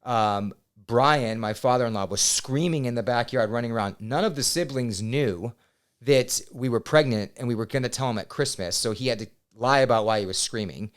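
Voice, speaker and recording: Smooth-voiced man telling a story. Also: medium pitch, moderate pace. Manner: animated, swears, quotes himself loudly. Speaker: podcast guest. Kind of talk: casual storytelling. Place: podcast studio.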